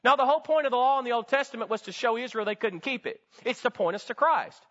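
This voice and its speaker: A man with a high voice preaches in a church sanctuary, leaning on emphatic call-and-response and rhetorical questions. The recording is a bit muffled, and his voice trails off into a long hall reverb. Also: animated, quick pace, a bit bright. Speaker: pastor. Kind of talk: sermon.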